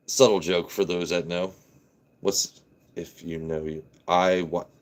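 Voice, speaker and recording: A livestream host from Southern Maryland talks casually with his chat, letting his voice drop deep and blunt.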